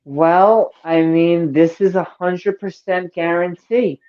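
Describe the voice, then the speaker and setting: Woman podcast co-host: playful and teasing, with sudden squeaky outbursts and a muffled lo-fi sound. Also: steady tone, takes it slowly. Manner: playful, jokey, bursts into silly high squeals. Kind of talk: casual podcast chat. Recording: dull lo-fi audio.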